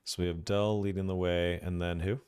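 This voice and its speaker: Male game master for a tabletop session: low, smooth voice, halting delivery. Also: level tone, a little mellow, no room sound, studio quality. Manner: hesitant, many fillers and restarts.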